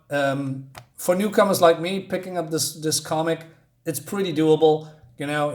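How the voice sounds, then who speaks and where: A man casually reviewing a comic, chatty and loose, with many fillers and asides. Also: mid-range voice.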